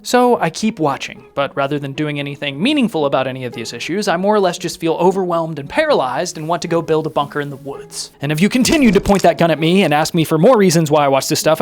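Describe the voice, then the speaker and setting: A man hosts a comedy video, delivering a scripted monologue with dry, self-deprecating sarcasm. His voice is high and very animated, jumping widely in pitch.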